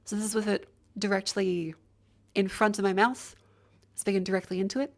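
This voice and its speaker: A woman's voice: mid-range voice, fairly even intonation, moderate pace. A woman streaming live, chatting casually and joking as she moves a handheld mic around to test it. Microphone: handheld mic moved around while testing.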